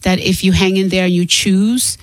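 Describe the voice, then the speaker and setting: A woman guest author talking candidly and earnestly in an interview, open and quick to laugh. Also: mid-range voice, steady tone, dry recording, poor audio.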